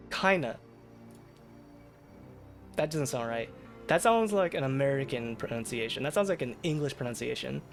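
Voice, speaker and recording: A man's voice: medium pitch, expressive, fairly quick, gravelly, soft background music. A man streaming late at night, chatting casually in a rambling, self-deprecating way with lots of fillers and restarts. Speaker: VTuber streamer. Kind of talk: casual live-stream chat.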